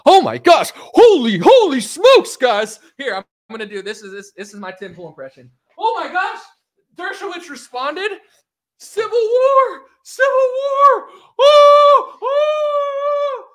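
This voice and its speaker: A man putting on the voice of a frantic, hysterical male streamer who shrieks and shouts. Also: extremely high pitch, very animated, slow, pitched above the performer's own voice, full character voice.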